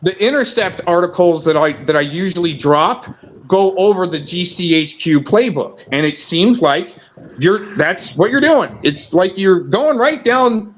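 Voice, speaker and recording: A man's voice: high voice, expressive, a little slow, lo-fi sound, slight background noise. A man hosting a livestream and arguing heatedly, cutting in with repeated denials and talking over his guest. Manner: argumentative, repeats "no, no, no", talks over others. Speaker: livestream host.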